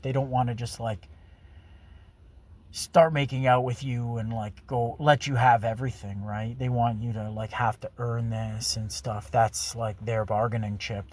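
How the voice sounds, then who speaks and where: Rambling crude male storyteller. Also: medium pitch. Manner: rambling, filler-heavy, crude. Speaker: vlogger. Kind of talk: storytelling monologue.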